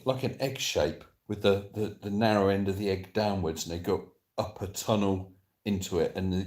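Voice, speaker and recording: Low-voiced man chatting casually on a live stream. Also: a little mellow. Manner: rambling, reads viewers' comments aloud and answers them. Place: sofa indoors at home.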